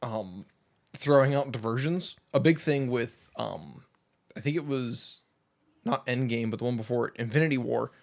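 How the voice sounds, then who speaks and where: A man talks casually on a podcast, spinning out ideas in long, rambling stretches. He leans on fillers as he goes. His voice sits at an ordinary middle pitch. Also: moderate pace, creaky. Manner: lively, rambling theorizing with fillers. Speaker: podcast co-host. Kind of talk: casual chat.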